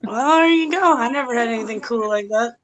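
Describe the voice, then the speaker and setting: A woman joining a casual chat, slow and teasing. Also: on the high side.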